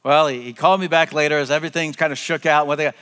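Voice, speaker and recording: A middle-aged man preaching a sermon earnestly, often dropping to hushed, drawn-out words for emphasis. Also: fairly high pitch, steady tone, clean tone. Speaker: pastor. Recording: long hall reverb, faint music behind.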